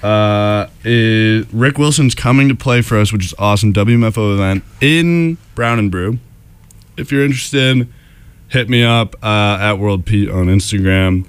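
Smooth low-voiced young man hosting radio. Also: measured pace. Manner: playful, jokey, makes sound effects. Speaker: radio show host. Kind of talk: casual radio chat.

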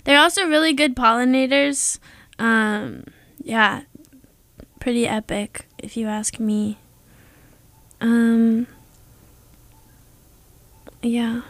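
A young woman hosting a radio show, her voice sitting a little high as she chats loosely and gushes over facts. The sound is close and dry, with no room around it. She stays casual and eager the whole way through. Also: extremely slow, pauses often, no echo. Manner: chatty and excitable, gushing over facts. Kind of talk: casual on-air chat.

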